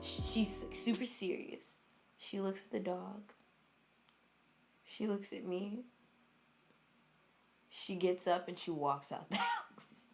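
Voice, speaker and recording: A young adult woman vlogger telling a funny story in a casual, animated way, full of "like" and dramatic re-enactment. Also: medium pitch, slow pace, gravelly, pauses often, soft background music.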